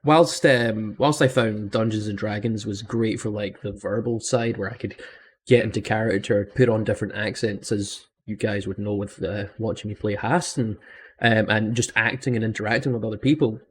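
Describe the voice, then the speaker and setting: A man's voice: fairly low pitch, steady tone, normal speed, slight background noise. A young man hosting a casual podcast chat, rambling enthusiastically with lots of "I mean" asides. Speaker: host and dungeon master.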